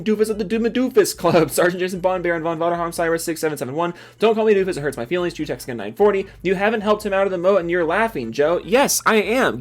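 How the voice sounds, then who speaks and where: A young man from Seattle rants sarcastically about gaming news, swearing often. He then rattles off a long list of supporter names, breaking in with loud yelps. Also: high voice. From Seattle, USA. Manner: exasperated, profane and sarcastic, with sudden loud yelps. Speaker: gaming YouTuber. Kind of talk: ranting commentary and reading out supporter names.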